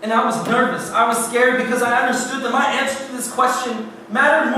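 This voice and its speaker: A man with a high voice preaches as a youth pastor, retelling a story in the first person. He swings from hushed to loud. He is heard from across a very echoey hall with a faint hiss behind. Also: steady tone, normal speed, hardly any pauses, recorded from a distance.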